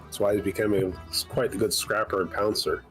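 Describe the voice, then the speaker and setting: A man's voice: lowish voice, steady tone, a little fast, faint music behind, poor audio. A man playing in a tabletop role-play game, talking hesitantly with many uhs. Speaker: player.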